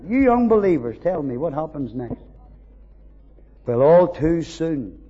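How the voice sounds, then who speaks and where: A man preaching a sermon, swinging between soaring emphasis and quiet asides. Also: fairly high pitch, breathy edge. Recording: dull recording in a reverberant hall.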